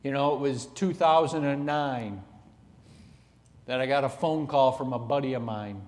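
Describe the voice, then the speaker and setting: A middle-aged man giving a motivational keynote, telling his story with dramatic swings from hushed to loud. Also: medium pitch, normal speed. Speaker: keynote speaker. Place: large conference hall. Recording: echoey hall.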